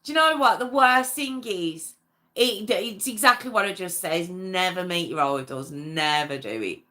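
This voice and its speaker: A woman's voice: on the low side, lively intonation, measured pace, pushed and bright. A woman hosting a true crime livestream, chatting casually with viewers, answering their comments and laughing often. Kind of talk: casual live chat with viewers.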